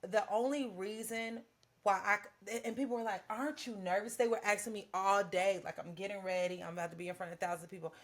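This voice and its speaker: Talking fast at a medium pitch, a woman co-hosting a podcast chats casually about faith. She brings her story to life by acting out her own prayers to God.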